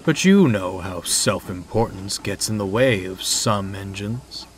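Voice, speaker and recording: A man voicing a deep, hoarse male engine who is formal, courteous and aloof, speaking slowly. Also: expressive, a little hiss or hum, rough recording. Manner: courtly, polite, slow formal speech.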